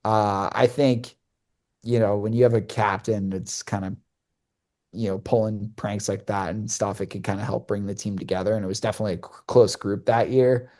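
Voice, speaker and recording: A man's voice: fairly low pitch, steady tone, normal speed, a little mellow. A young man co-hosting a podcast and telling a casual story, rambling with many fillers and restarts and acting out the dialogue. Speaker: podcast co-host and hockey broadcaster.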